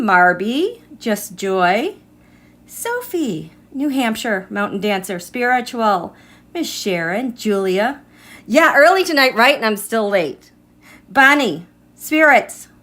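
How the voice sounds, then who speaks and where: A woman's voice: fairly high pitch, fairly bright tone. A woman hosting a tarot and astrology livestream from home, chatting in a rambling way and greeting viewers by name. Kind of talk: casual livestream chat.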